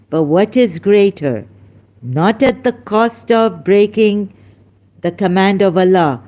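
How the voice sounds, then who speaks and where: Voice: mid-range voice, expressive, slow, dark tone. A speaker hosting a heated religious debate, scolding a caller with emphatic rhetorical questions and sounding angry. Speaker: online debate host.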